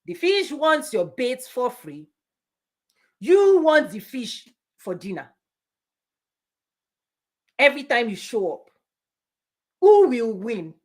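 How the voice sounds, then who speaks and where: A woman business coach giving a forceful motivational talk, repeating punchy phrases and laughing often. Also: high voice.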